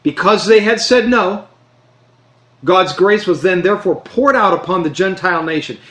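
Man, preacher, earnest sermon, emphatic, slows for emphasis, high voice, echoey room. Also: lively intonation, a bit bright. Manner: earnest, emphatic, slows down to stress key phrases. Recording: roomy echo.

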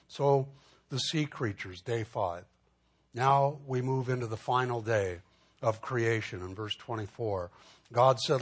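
A pastor giving a sermon, teaching in a conversational way with asides and restarts, growing animated when telling a personal story. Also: male voice, medium pitch.

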